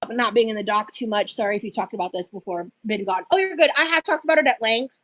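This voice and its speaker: A woman's voice: fairly high pitch, expressive, fast, a bit bright, slight background noise. A woman chatting casually on a livestream, defensive and dismissive toward critics. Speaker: livestreamer in played clips.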